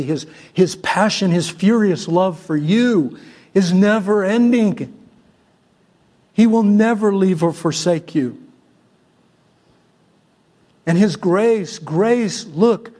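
Man, pastor, sermon, from Syria, fairly high voice, impassioned, loud then soft. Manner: impassioned, swings from loud exhortation to soft storytelling.

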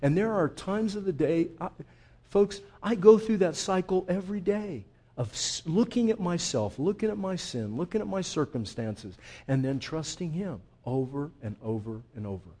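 A pastor delivers a sermon in a fairly high voice. He talks to the congregation like friends, calling them folks. He drops to hushed intensity, then rises to loud emphasis. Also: animated, moderate pace. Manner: conversational preaching, addresses listeners as folks; shifts between quiet intensity and loud emphasis.

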